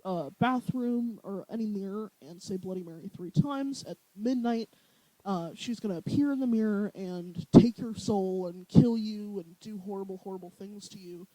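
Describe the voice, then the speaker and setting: A young co-host tells stories in an animated way, often breaking into laughter. The tone is warm and mellow at a mid pitch. The recording is dry and close. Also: moderate pace, dry recording, poor audio. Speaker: podcast co-host. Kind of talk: casual chat.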